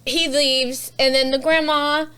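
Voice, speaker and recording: A woman's voice: sits high, flat delivery, measured pace, pushed and bright. A woman co-hosting a casual book podcast, recapping a novel's plot and acting out the characters' lines. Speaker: podcast co-host. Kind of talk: casual book club chat.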